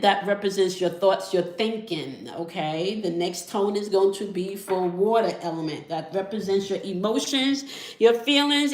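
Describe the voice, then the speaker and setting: A woman leading a spiritual tarot and sound-healing session, calm and instructive, often checking in with the listener. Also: mid-range voice, roomy sound. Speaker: spiritual reader.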